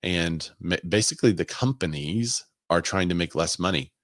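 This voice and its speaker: A man with a very low, deep voice hosts a relaxed talk show. He reads comments and articles aloud and breaks off into chatty asides. The sound is dry and close. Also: moderate pace, no echo. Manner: conversational, laughs and asides while reading aloud. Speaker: podcast host. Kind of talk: casual chat reading comments and articles.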